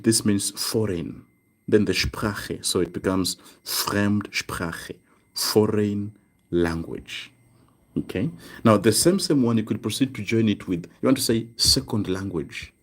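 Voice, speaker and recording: A man teaching a live online German lesson, explaining slowly and checking in with "right?" as he repeats each word. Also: on the low side. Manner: slow, repetitive explaining with frequent "right?" checks.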